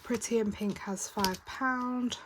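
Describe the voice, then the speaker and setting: A woman's voice: fairly high pitch, fairly even intonation, slow pace. A British woman talking through her savings in a casual vlog, chatty and counting aloud, sometimes stopping to correct herself. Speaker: budgeting vlogger. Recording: clear background noise with keyboard clicks.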